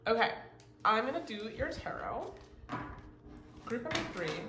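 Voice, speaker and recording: A woman giving a casual pick-a-card tarot reading, gushing excitedly and swearing casually as she pulls cards. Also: fairly high pitch, moderate pace. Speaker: tarot reader. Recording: roomy echo with faint ambient noise.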